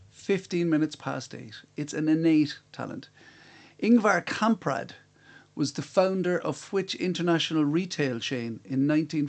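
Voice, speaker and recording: A man's voice: a little high, vocal fry. A man hosting a live-streamed quiz from home, reading out questions and answers with chatty, self-mocking asides. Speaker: quiz host. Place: room at home.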